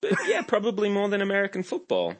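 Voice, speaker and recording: A man with an Australian accent, a guest expert on a podcast, talking sports in a relaxed, wry way. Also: high voice, fast. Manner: laid-back, wry humor. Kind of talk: casual sports chat.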